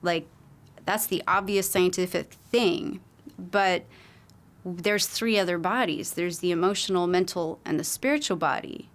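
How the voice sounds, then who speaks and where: A woman with a fairly low voice talks a little slowly as a podcast guest. She's a holistic wellness coach recounting client stories casually, earnest and meandering, with many filler words.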